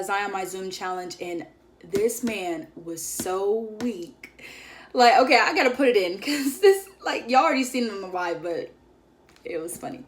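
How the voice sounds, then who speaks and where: A young woman recounts her day as a vlogger in a loose, chatty storytelling style, leaning on filler words and playing out what her friends said. Her voice sits at an ordinary middle pitch for a woman. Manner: chatty, filler-heavy, acts out quoted friends. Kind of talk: casual storytelling.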